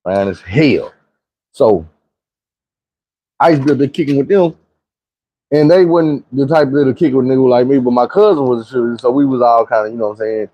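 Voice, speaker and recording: A man's voice: medium pitch, brisk, long pauses, mellow. A man casually telling a story from his own life in a slangy, profane, conversational way.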